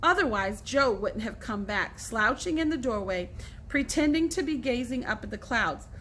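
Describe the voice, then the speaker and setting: A woman teacher reading a children's novel aloud, with clear pacing and asides to her listeners. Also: a little high, expressive, moderate pace, a bit bright, slight background noise.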